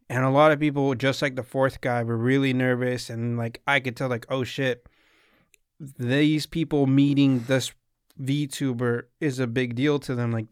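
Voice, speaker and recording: Chatting casually, a young man tells a long, rambling story peppered with swearing and acted-out dialogue. His voice is smooth and medium-pitched, recorded in studio quality with no room sound.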